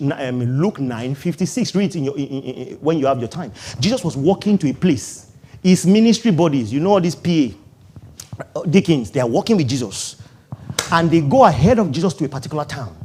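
Animated preacher with a high, lively voice. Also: male voice, a little fast, husky. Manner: animated preaching, jumping between shouts and low asides, laughing. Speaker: pastor. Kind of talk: sermon.

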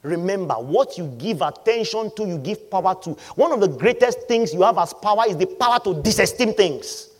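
A pastor preaching a sermon, calling on the congregation to answer back, swinging between loud exclamations and quiet asides. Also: male voice, high voice, lively intonation, fairly quick, hardly any pauses. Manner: calls for congregation responses.

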